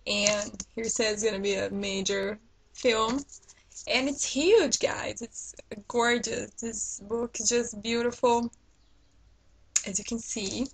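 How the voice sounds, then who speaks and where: A woman's voice: on the high side, steady tone, slow, breathy edge, low-quality recording. A woman vlogger chatting casually to her viewers about new books, enthusiastic and talkative. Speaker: book vlogger. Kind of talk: casual book haul chat to camera.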